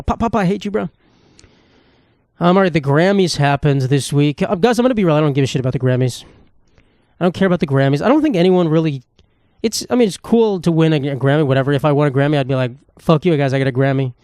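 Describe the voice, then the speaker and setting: Young male podcast host, rapid rambling monologue, crude and self-deprecating, dry close sound. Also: on the high side, expressive, darkish tone, smooth, no room sound. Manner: rambling, profane, self-mocking. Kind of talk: casual solo podcast monologue. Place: home room with knickknacks.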